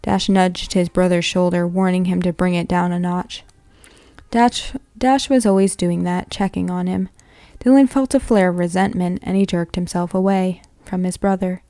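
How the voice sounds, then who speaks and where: A woman's voice: lowish voice, flat delivery, normal speed, dark tone, dry recording, studio quality. A woman reading a novel aloud in a plain manner, with occasional slips that she corrects. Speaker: reader.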